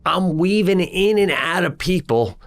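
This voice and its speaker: A middle-aged man co-hosting a podcast, telling a story in a casual, animated way and acting out his own exasperated lines. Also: high voice, measured pace. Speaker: podcast co-host.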